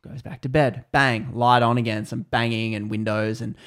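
A man tells a story in a loose, chatty way. He is animated and full of fillers, and he acts out the characters' lines. His voice sits at a middle pitch. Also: moderate pace. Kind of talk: casual storytelling.

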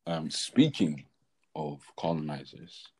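Podcast co-host, young man, deep husky voice, loose slang-heavy storytelling. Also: animated, takes it slowly, poor audio. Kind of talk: casual chat.

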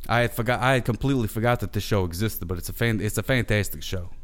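A man's voice: lowish voice, fast. A man hosting casually, recapping an old TV episode in a rambling, folksy way with frequent self-corrections. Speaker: show host reviewing an old TV series.

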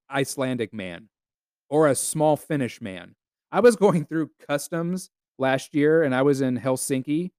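A sarcastic man from the United States hosting a casual solo podcast, cursing freely and chuckling as he goes. His voice is smooth and clear. It sounds dry and close, with no room around it. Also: medium pitch, no room sound. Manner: sarcastic, profane, laughs often. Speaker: podcast host.

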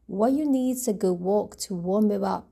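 A woman's voice: medium pitch, moderate pace, gravelly, warm tone, slightly rough. A woman voicing a clever, playful male elephant in a storybook reading, upbeat and coaxing.

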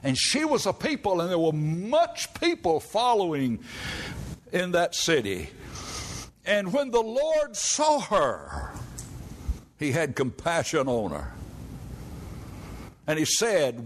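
An older man, a pastor, preaching a sermon with folksy storytelling and sudden high emphatic peaks. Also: very animated, slow pace, pauses often, a little hiss or hum.

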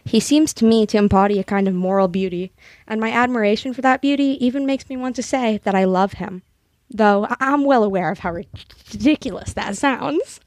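Young woman, LA-raised podcast co-host, relaxed and giggly, earnest when reading; dry close sound. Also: on the high side, dry recording. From Los Angeles. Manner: laughs often, reads slow and earnest. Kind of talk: casual chat with a read-aloud passage.

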